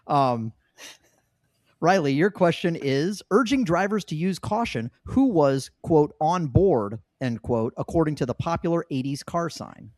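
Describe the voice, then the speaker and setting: A man hosts a trivia podcast in a loose, joking way and laughs often between questions. His voice sits a little high and swings through a lively pitch range. The sound is close and dry, with no room around it. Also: unhurried, no echo. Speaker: trivia quiz host. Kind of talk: casual podcast quiz hosting.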